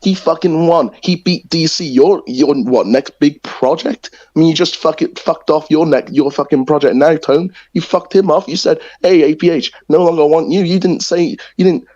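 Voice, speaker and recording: A man's voice: a little high, moderate pace, few pauses, darkish tone, muffled recording. A man cutting an aggressive, profanity-heavy wrestling promo in character over voice chat. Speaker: wrestler in online league press conference. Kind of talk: in-character trash-talk promo.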